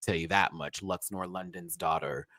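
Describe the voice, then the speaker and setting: Sassy guy ranting about drag queens, bright sharp voice, low-ish pitch, dry close mic. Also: fairly even intonation, normal speed, no echo. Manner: sassy, playful, talks to the viewers with slang. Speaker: host of a live review show. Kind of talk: animated commentary on a reality show.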